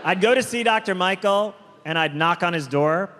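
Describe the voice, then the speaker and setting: On a theater stage, a man tells a stand-up comedy story in a high-pitched, sharp-toned voice at normal speed. He rambles, corrects himself in asides, and breaks into sudden emphatic outbursts. The live theater recording has long reverb and faint noise.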